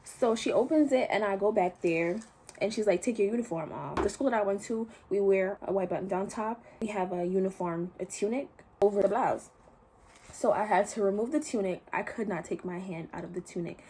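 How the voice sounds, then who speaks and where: A woman's voice: medium pitch, fairly quick, mellow, slight background noise. A young woman vlogging a casual storytime, retelling events with slang and quoted voices.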